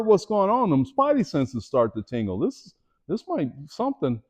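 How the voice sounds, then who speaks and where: A middle-aged man, a former athlete, giving a motivational talk to students in a school auditorium, telling a personal story with rising and falling intensity. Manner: storytelling, animated, raises voice for drama then drops low. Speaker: motivational speaker.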